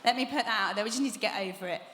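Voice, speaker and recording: A young woman runs a live masterclass as a vocal coach, her mid-range voice racing along, pushed and bright. She is chatty and encouraging and laughs often while demonstrating exercises. The sound carries the long reverb of an echoey large conference hall, plus slight background noise.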